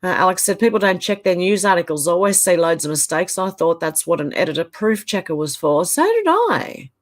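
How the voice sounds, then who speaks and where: This middle-aged Australian live streamer has a lowish, very animated voice and a brisk delivery. She chats casually, reads viewer comments out loud, and reacts with exasperated asides.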